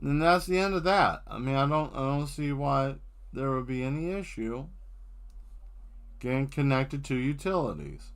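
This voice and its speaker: A man's voice: medium pitch, expressive, normal speed, smooth. A man chatting casually on a live stream while he draws, rambling and riffing on jokes. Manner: rambling, joking riffs. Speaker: streaming artist.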